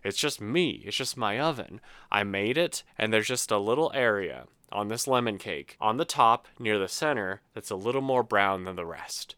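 Male solo host, low-ish and clear, self-mocking venting monologue. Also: expressive, normal speed, hardly any pauses, sharp tone, dry recording.

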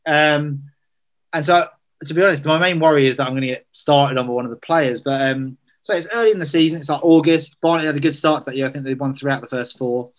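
A man's voice: a little high, fast talker. A man, telling a story in casual chat, self-deprecating, full of fillers and restarts.

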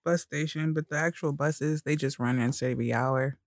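A man telling a story in casual podcast chat, animated and profane, often acting out his own lines. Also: moderate pace, no echo, studio quality. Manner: animated, profane, quotes himself in a higher voice. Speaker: podcast co-host.

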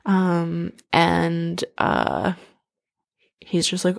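A young woman with a gravelly, somewhat low voice tells a story in an easy, chatty way. She leans on "like" and "um" as she goes, unhurried and informal. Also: sing-song, darkish tone. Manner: loose, filler-heavy retelling with lots of "like". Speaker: storyteller retelling an opera plot. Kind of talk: casual chat.

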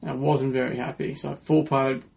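A man's voice: mid-range voice, flat delivery, a little fast, creaky, darkish tone, muffled recording. An Australian man telling golf stories in a casual chat, laughing often as he talks. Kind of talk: casual storytelling.

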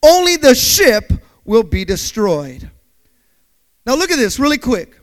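A male preacher with a strikingly high voice that swings widely between soaring peaks and low, quiet asides. He tells his story dramatically, questions the listeners directly and acts out moments with vocal sound effects. His delivery stays animated and theatrical throughout. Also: unhurried. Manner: speaks directly to the congregation, asking questions. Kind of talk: sermon with personal storytelling.

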